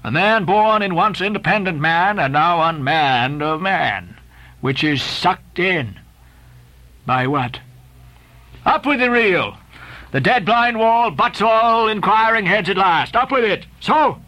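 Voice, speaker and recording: Brief: man doing a grandiose old whaling captain, commanding and declamatory, lively bright voice. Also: high voice, slow pace, pitched above the performer's own voice, heavily acted.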